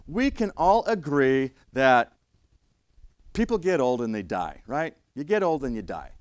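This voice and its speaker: A man's voice: medium pitch, smooth, no echo. A man teaching firefighters, telling stories from calls in a conversational lecture style and often checking in with "right?". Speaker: firefighter instructor.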